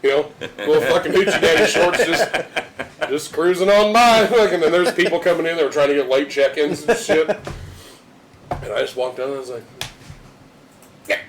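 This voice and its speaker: A man's voice: fairly high pitch, fairly quick, pauses often, a crowd in the background, low-quality recording. A man co-hosting a podcast, telling rowdy stories in a profane, laughing, casual way. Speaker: podcast co-host. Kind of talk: casual storytelling chat.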